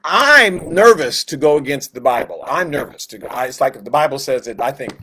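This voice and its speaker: A man's voice: mid-range voice, lively intonation, a little fast, pushed and bright, slight background noise. A man teaching a Bible class in a casual, conversational way, with joking asides and quoted voices acted out. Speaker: Sunday school teacher.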